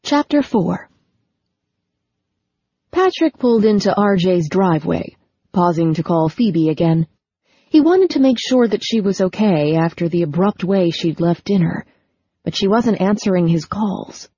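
A woman narrates a novel in a steady, measured way. Her voice is lowish, mellow and husky. The recording is dry and a little dull. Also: no echo. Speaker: audiobook narrator. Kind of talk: scripted narration.

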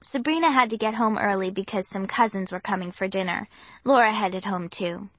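A woman reading a spooky first-person story aloud in a measured, suspenseful way, with music behind her. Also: medium pitch, a bit bright, dry recording. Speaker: audiobook narrator. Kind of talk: first-person audiobook narration.

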